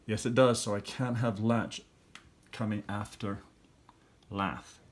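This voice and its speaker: Middle-aged male teacher, fairly low voice, talks kids through each problem aloud. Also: fairly even intonation, takes it slowly. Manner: thinks aloud step by step, talks to students. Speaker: elementary school teacher. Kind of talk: recorded classroom review lesson.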